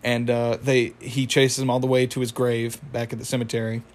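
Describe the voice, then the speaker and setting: A man's voice: mid-range voice, level tone, fairly quick. A man casually recapping a cartoon episode, rambling with frequent laughs. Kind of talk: casual chat.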